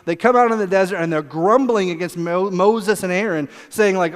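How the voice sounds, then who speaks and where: A man preaching a sermon as a pastor, animated, acting out quoted voices and repeating words as he goes. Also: high voice, moderate pace, hardly any pauses, big-room sound. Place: church sanctuary.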